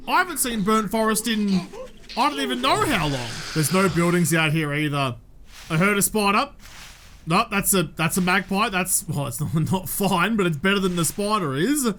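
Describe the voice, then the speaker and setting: A man's voice: high voice, expressive, normal speed, pushed and bright, a little hiss or hum. A young Australian man giving chatty let's-play commentary, talking to the game's characters and jumping between topics. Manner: chatty, jumpy, talks to game characters. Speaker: gaming YouTuber.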